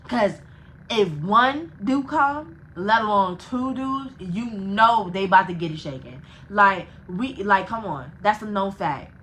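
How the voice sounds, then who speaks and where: A young woman vlogger telling a casual storytime, animated and profane, laughing between phrases. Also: mid-range voice, takes it slowly, slight background noise, poor audio.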